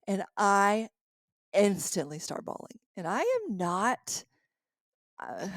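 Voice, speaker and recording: An animated woman in her thirties tells a story on her podcast, laughing often and acting out what she said back then. Her voice sits at a middle pitch. The sound is dry and close, with no room around it. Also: dry recording. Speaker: podcast host and coach. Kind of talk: casual storytelling monologue.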